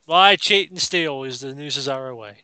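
Bright, smooth-voiced man, blunt and jokey. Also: mid-range voice, moderate pace, no echo. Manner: jokey, blunt, stumbles over words. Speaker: podcast co-host, parent. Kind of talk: casual wrestling chat.

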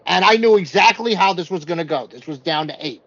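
A man's voice: high-pitched, quick pace, no room sound, highs cut off. A man co-hosting a podcast, recapping a TV episode in casual chat and acting out what people said. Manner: animated storytelling, acts out quotes. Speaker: podcast co-host.

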